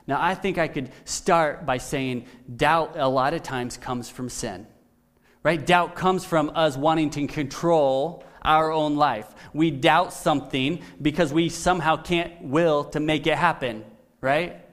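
Brief: a male pastor with a fairly high voice, preaching conversationally. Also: unhurried, a bit bright. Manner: conversational, asks "right?" often. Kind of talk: sermon.

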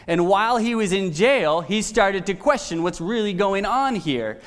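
Brief: a male pastor with a fairly high voice, preaching conversationally. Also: very animated, unhurried, hardly any pauses. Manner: conversational, asks "right?" often. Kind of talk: sermon.

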